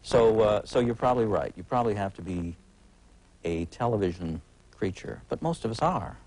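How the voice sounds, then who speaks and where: Very deep-voiced wry man in his forties. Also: animated, a little mellow, husky, no room sound, rough recording. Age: 40s. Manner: halting, wry, full of uh's and restarts. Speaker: TV critic guest. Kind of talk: casual talk-show conversation. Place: TV talk show studio.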